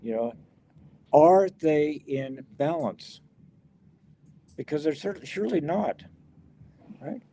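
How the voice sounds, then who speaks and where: Mellow-voiced man teaching scripture. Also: a little high, slow, pauses often, a little hiss or hum. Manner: conversational, paraphrasing scripture in first person with many restarts. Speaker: Bible teacher. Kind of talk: verse-by-verse Bible study talk.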